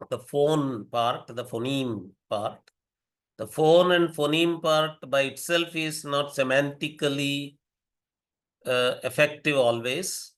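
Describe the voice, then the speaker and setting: A man giving an academic lecture, deliberate and repeating key phrases for emphasis. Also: mid-range voice, fairly bright tone.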